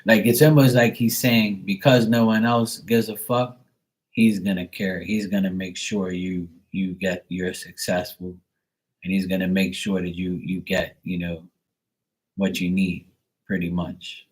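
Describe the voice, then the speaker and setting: Husky low-voiced guy doing a psychic reading, rambles a lot, says like constantly. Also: flat delivery, measured pace, low-quality recording. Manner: rambling, filler-heavy, casual swearing. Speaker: psychic reader.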